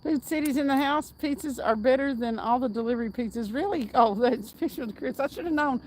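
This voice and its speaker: A woman's voice: high voice, fairly quick, few pauses, a little hiss or hum, low-quality recording. A woman hosting a casual fishing livestream outdoors at night, chatting and reading viewer comments aloud with frequent laughs. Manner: chatty, reads chat aloud, laughs often.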